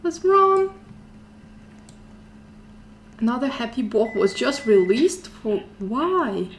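A woman's voice: fairly high pitch, lively intonation, unhurried, a little hiss or hum. A woman streaming a horror game, talking to herself in a scared way that keeps repeating and dropping to whispers. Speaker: gameplay streamer. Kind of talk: playing a horror game out loud. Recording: game music loud behind the voice.

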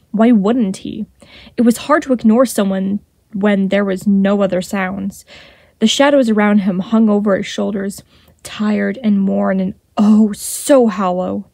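A woman reads a fan fiction chapter aloud. Her tone is mellow and soft. The sound is dry and close. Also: mid-range voice, vocal fry, no room sound. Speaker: podfic reader.

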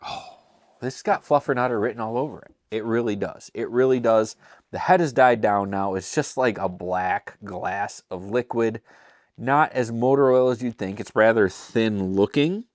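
Chatty, excited man with a low voice. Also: normal speed, dry recording, clean studio sound. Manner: enthusiastic, chatty, with self-deprecating asides. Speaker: beer reviewer and show host. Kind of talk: casual tasting review.

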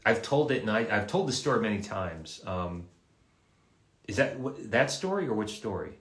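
A man's voice: on the low side, very animated, a bit bright. Rambling man telling stories, roomy sound. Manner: rambling, halting, repeats words and restarts. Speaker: voice actor guest at an autograph livestream. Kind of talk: casual live Q&A storytelling. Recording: roomy echo.

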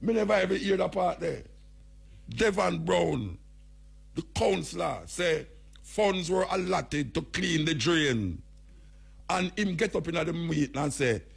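A man's voice: fairly high pitch, creaky, slightly rough. A man from Jamaica with a Jamaican accent, hosting a radio talk show and speaking bluntly and emphatically while calling out officials by name. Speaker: radio host.

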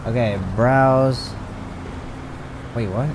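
A man's voice: mid-range voice, extremely slow, background noise. A man giving live commentary while he plays a video game, talking to his chat, reading menus aloud, and swearing and yelping when caught off guard. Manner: excitable, swears often, yelps in surprise. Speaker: gaming streamer.

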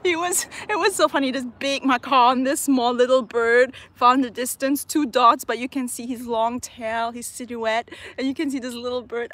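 A young woman, a parrot trainer, chatting casually on a phone live stream outdoors, cooing at her bird and exclaiming excitedly. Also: fairly high pitch, unhurried. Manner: animated, cooing baby talk to her bird; frequent laughter, excited exclamations. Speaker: parrot trainer, channel host. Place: outdoors in open country.

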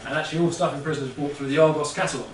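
A man with a fairly high voice talks to a live audience, rambling and chatty, checking in with "yeah?" again and again. He is recorded from a distance in an echoey room. A faint hiss sits behind him. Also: fairly even intonation, racing. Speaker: speaker. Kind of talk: casual talk to a live audience.

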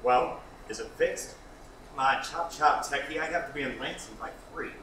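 A man's voice: a little high, moderate pace, pushed and bright. A man playing a sarcastic, campy shop worker on a smoke break, in a staged reading of a TV script. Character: sardonic man who smokes on his break. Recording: very echoey room, mic far, noisy.

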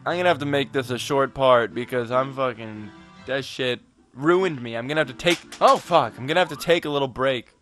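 A man's voice: medium pitch, fairly quick, fairly bright tone, soft background music. A man giving casual gameplay commentary, frustrated and profane, rambling while a bit tipsy. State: tipsy from drinking. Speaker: let's play gamer.

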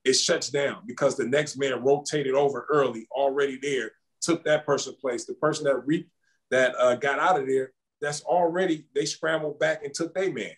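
Speaking at a moderate pace with a medium pitch, a man who was once a basketball champion chats as an interview guest. His manner is relaxed and slangy with repeated words, captured on a rough recording.

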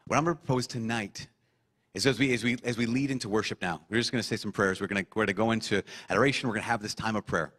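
Speaking to a young audience, a priest delivers an impassioned sermon full of repeated phrases, then slows down into a gentle prayer. His voice is male, on the low side, steady in tone and slightly rough.

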